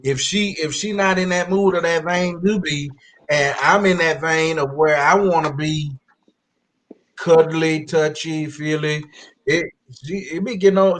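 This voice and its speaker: A man's voice: a little high, a little hiss or hum. A man hosting a talk show, speaking candidly and casually about his marriage. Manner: candid, conversational, folksy. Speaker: host. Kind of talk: casual chat.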